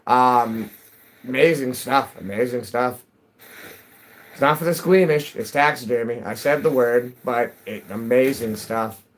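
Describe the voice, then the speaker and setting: A man's voice: medium pitch, moderate pace, hardly any pauses, low-quality recording. A man live-streaming a game, chatting casually with viewers in a rambling, jokey way, his voice cracking. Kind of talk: casual live-stream chat while gaming.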